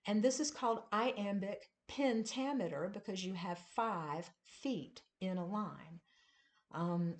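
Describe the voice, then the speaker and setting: A woman teaches poetry in a casual video lesson, taking her time over each phrase. Her pace is slow and deliberate, and she leans into the beat of each line as she explains it. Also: fairly low pitch, darkish tone. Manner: slow, deliberate, emphasizing rhythm. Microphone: camera at desk, seen gesturing.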